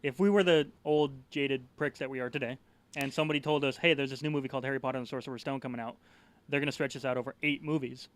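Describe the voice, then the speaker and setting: A man's voice: mid-range voice, steady tone. A man co-hosting a casual movie podcast, teasing and arguing his points. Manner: quick, teasing, argumentative. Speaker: podcast co-host. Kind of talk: casual chat.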